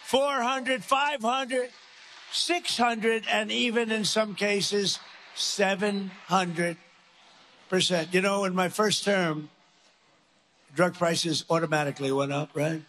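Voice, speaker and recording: Gravelly, boastful man giving a rally speech. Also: sits high, fairly even intonation, slow, a bit bright, slight background noise. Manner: boastful, repetitive, rambling asides. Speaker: politician speaking at a rally.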